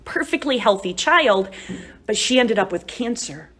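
A woman's voice: fairly high pitch, expressive, measured pace, a bit bright. A woman giving a live retreat talk to a group, telling stories in a chatty, conversational way and often asking "right?" and "you know?". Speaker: retreat speaker.

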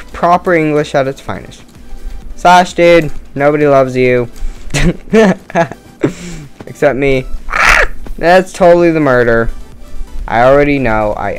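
A man's voice: mid-range voice, lively intonation, a little slow, long pauses, soft background music. A man doing casual let's-play commentary on a murder mystery game, tired from no caffeine, rambling, joking at himself and swearing.

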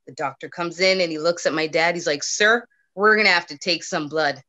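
A woman's voice: on the low side, brisk, pushed and bright, lo-fi sound. A woman comedian, a guest on the show, chatting casually and telling a family anecdote, laughing as she goes. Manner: laughs through her own storytelling. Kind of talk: casual interview chat.

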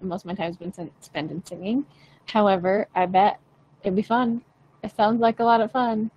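A woman's voice: medium pitch, steady tone, normal speed, highs cut off. A young adult woman teaching singing in a casual, chatty way, frank and playful, swearing now and then. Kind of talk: casual livestream voice lesson.

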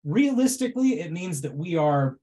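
Presenter, mock-enthusiastic and dryly sarcastic, warm low-key tone. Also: sing-song, normal speed. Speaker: presenter at a club meeting. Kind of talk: prepared comic speech.

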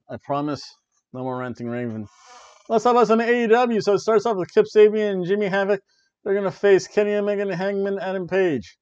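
A man with a slightly high voice rants his way through a casual wrestling review. His delivery is animated, sarcastic and jokey. The recording is dull and lo-fi, with a dry sound that has no room echo. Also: clean tone. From Florida, USA. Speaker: wrestling review podcast host.

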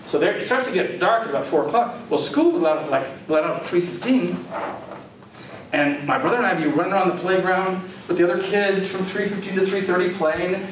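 An older man from the Chicago area tells stories to a lecture audience in a loose, self-deprecating way. His voice sits a little high. It comes from far off in a very echoey hall with faint hiss. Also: a little fast. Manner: conversational, anecdotal, self-deprecating. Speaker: guest lecturer. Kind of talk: storytelling lecture.

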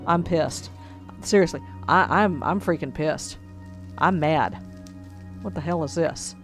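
Speaking slowly with long pauses in a low-pitched voice, a woman plays a computer game and comments along. Her exasperation spills into swearing before she makes an effort to keep it clean, and music sits under the recording.

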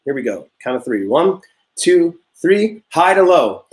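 A young man teaching a music class, leading vocal warm-ups in an upbeat, encouraging way and explaining step by step. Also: a little high, big pitch swings, a little slow. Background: guitar notes played under the talk.

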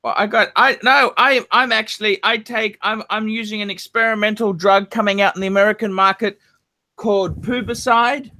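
A man's voice: high voice, steady tone, normal speed, bright, forceful tone. A man hosting a live stream, ranting and swearing angrily. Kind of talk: casual live-stream chat.

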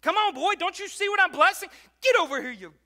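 A pastor putting on a loud, exasperated God who shouts mocking questions. The voice jumps high and sounds sharp and strained, as if the listener is being scolded for not seeing the obvious. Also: male voice, lively intonation, fast talker, full character voice. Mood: scolding. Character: exasperated sarcastic God, male, loud and demanding.

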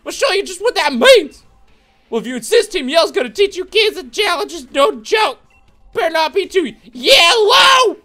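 A man voicing a brash, rowdy gang thug, yelling and taunting in a game let's play. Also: big pitch swings, normal speed, faint music behind, full character voice. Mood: yelling taunts. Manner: yelling, taunting, high and strained.

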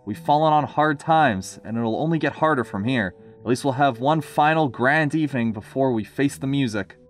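A man's voice: medium pitch, normal speed, faint music behind, close to an everyday voice. A man doing a plummy ghostly aristocrat. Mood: jovial. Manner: plummy, pompous. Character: posh, jovial ghostly male aristocrat.

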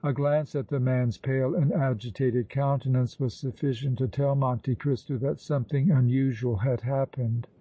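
A male narrator reads a classic novel in a measured, even way. His voice is dark and mellow. The recording is dry, close and slightly dull. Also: medium pitch, husky, no room sound, distant mic. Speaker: audiobook narrator. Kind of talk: scripted narration.

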